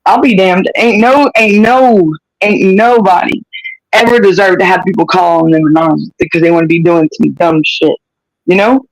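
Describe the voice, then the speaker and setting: A man's voice: high voice, moderate pace, no echo, rough recording. A man hosting a livestream, talking in a passionate, blunt rant and cussing freely. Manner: impassioned, blunt, cusses freely. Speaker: livestream host.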